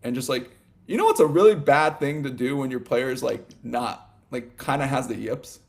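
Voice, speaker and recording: A man co-hosting a sports podcast, talking in a loose, animated ramble full of "like" and "you know" and quick laughs. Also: mid-range voice, gravelly. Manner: laughs often mid-sentence. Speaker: podcast co-host. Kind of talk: casual sports chat.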